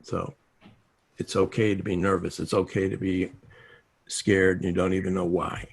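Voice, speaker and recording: A man's voice: sits low, moderate pace, vocal fry, husky. A man giving a casual self-help teaching talk over a video call, telling stories and acting out the dialogue in them. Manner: animated storytelling, acts out quoted dialogue.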